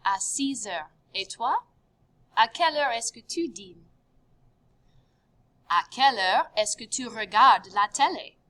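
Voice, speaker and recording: Slow, lively woman teaching a class. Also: fairly high pitch. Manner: upbeat, drills words with sharp rising repeats. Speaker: French teacher. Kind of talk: recorded classroom lesson.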